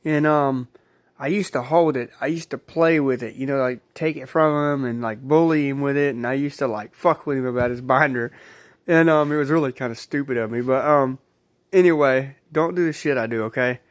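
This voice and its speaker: A man's voice: medium pitch, moderate pace. A man casually telling a personal story, rambling, repeating himself and swearing freely.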